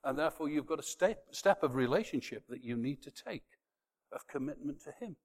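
A man preaching a sermon to a congregation, swinging from quiet, close talk to loud shouted emphasis. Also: on the high side, lively intonation, fairly quick, in a large hall.

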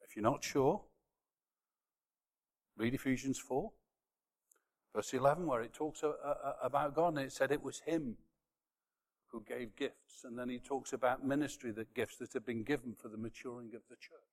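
A man preaching a sermon to a congregation, swinging from quiet, close talk to loud shouted emphasis. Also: medium pitch, moderate pace, long pauses, long reverb tail.

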